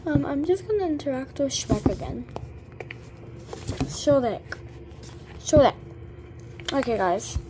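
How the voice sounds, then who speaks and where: A chatty girl talks through a game slowly, filling pauses with lots of fillers and bursting into exclamations. Her voice sits fairly high, and the home recording is noisy, with clicking behind it. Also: big pitch swings. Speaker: gamer. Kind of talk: gameplay commentary.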